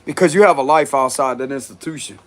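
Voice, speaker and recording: A man's voice: medium pitch, fast. A man giving a casual tarot reading, talking bluntly with frequent cursing and laughter. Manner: blunt, profane, laughs often. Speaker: tarot reader.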